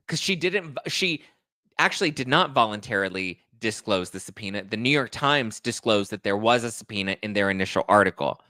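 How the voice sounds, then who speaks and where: A man with a bright, forceful voice rants about celebrity gossip like the host of a commentary show. He reads aloud, breaks off into sarcastic, exasperated outbursts and keeps getting more worked up. The sound is dry and close, with no room around it. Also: fairly low pitch, animated, moderate pace, no room sound.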